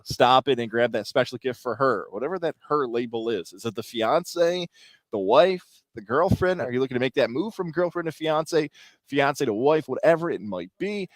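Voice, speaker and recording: A man's voice: animated, normal speed, dry recording. A man co-hosting a live radio show from a car dealership, reading sponsor spots with upbeat energy. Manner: upbeat, salesy pitch delivery. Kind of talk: casual talk and live ad reads.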